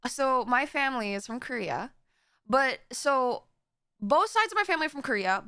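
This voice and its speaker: Giggly young streamer girl from florida rambling at chat, high voice, super dry close sound. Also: lively intonation, normal speed, pushed and bright, clear, resonant tone, no room sound. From Florida, USA. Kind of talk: casual reaction stream chat.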